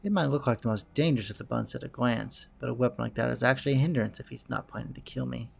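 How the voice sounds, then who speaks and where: A man's voice: medium pitch, fast talker, creaky, slightly rough. A man hosting a let's play, reading a visual novel's narration aloud in a dry, wry manner.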